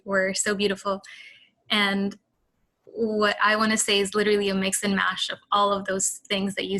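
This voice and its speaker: A woman speaks over a video call as a newly sworn lawyer. Her pitch barely moves and sits in a middle range, and her delivery stays steady. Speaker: new lawyer giving a speech. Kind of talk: speech.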